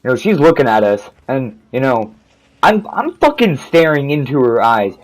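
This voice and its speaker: A man's voice: mid-range voice, very animated, moderate pace, low-quality recording. A young man telling a storytime in a profane, rambling, angry rant, swearing constantly and restarting his sentences. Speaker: vlogger.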